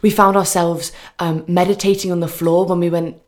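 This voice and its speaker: A young British woman speaks with a slightly low pitch and lively delivery. She tells stories eagerly and fills the gaps with little ums. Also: moderate pace. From Britain. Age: young adult. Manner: animated storytelling, frequent fillers. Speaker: guest, student athlete. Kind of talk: casual radio chat.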